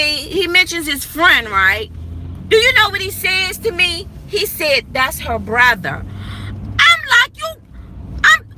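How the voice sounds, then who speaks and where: A woman's voice: high-pitched, bright, forceful tone, a little hiss or hum, rough recording. A woman in her thirties telling a personal story straight to her viewers in an emphatic, repetitive way, recorded on a phone while riding outdoors. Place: in a moving vehicle outdoors, going under a bridge.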